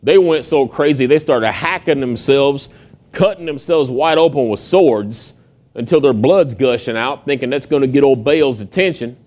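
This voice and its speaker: A man's mid-range voice moves at normal speed as he, a pastor, preaches. He retells a Bible story conversationally and with liveliness, performing the characters' voices along the way.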